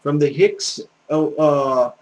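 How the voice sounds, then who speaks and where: A man's voice: fairly high pitch, slow, a little mellow, low-quality recording. An older man with a Southern US accent, telling folksy, earnest stories in a casual rambling monologue as a language teacher. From American South, Gulf Coast. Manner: folksy, earnest, preachy storytelling.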